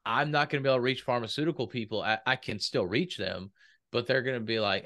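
A man's voice: mid-range voice, fast talker, fairly bright tone. A man talking casually in a podcast conversation about speaking and business, and he acts out quoted voices.

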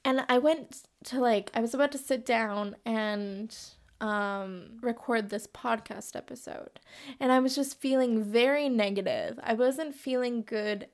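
Young woman, solo podcast host, high bright voice, candid and chatty, loose with swearing and fillers. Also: unhurried. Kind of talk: casual solo podcast monologue.

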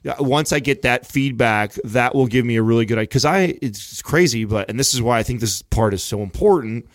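A man's voice: mid-range voice, normal speed, dry recording, clean studio sound. A man co-hosting a podcast in casual chat, rambling and often restarting his sentences as he explains. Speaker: podcast co-host.

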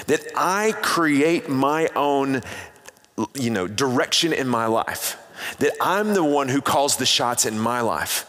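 A man's voice: mid-range voice, fairly bright tone. A male pastor giving a sermon in a loose, conversational way, with frequent fillers and restarts. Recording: long hall reverb.

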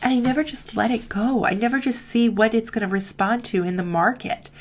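Amid slight background noise, a middle-aged woman who coaches marketing students talks a little fast in a fairly high, steady voice. Her motivational talk is heartfelt, candid, and confessional, peppered with "like" and acted-out quoted voices.

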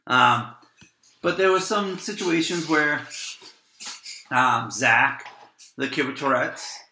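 A man's voice: mid-range voice, takes it slowly, pushed and bright, a little hiss or hum. A man telling stories casually as a podcast guest, rambling and repeating words as he acts out what people said. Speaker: podcast guest, van traveler. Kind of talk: casual storytelling. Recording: roomy echo.

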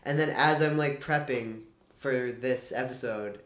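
A man's voice: mid-range voice, measured pace, a bit bright. A man co-hosting a podcast, chatting casually in a rambling, self-mocking way. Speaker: podcast co-host. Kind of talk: casual chat. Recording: roomy echo.

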